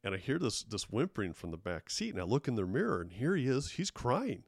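A man's voice: mid-range voice, sing-song, fairly quick, no echo, studio quality. A middle-aged man hosting a casual interview, telling a reflective personal story. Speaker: podcast host.

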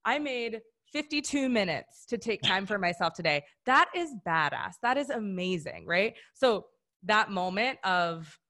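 Woman running a video-call workshop, upbeat and encouraging, lots of "right?", mid-pitched voice. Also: animated, measured pace. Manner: warm, encouraging, conversational with many "right?" tags. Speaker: workshop facilitator. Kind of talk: live online workshop.

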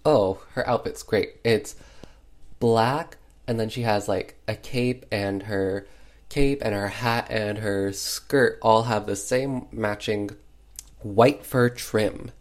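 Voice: medium pitch, slow. A film reviewer recapping a movie in casual chat, full of fillers and sarcastic asides.

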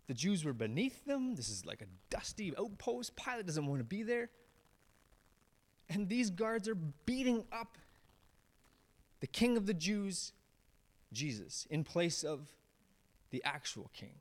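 A man, a pastor, preaching a sermon. He tells the story with feeling, raising his voice on some lines and dropping low and quiet on others. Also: unhurried, long pauses. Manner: animated storyteller, swings from raised emphatic lines to low hushed ones.

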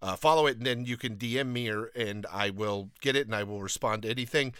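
A man hosting a Bible podcast talks fast in a medium-pitched, slightly bright voice, earnest and enthusiastic while poking fun at himself. He often restarts his sentences and reads scripture aloud, and the recording is clean studio sound with a clean tone and no echo.

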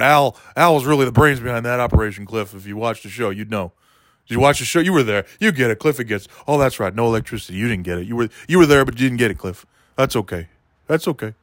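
A man doing a rambling, deadpan comedy monologue, talking to a listener by name as he goes. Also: medium pitch, no echo, clean studio sound. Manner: meandering, deadpan, keeps addressing a listener by name.

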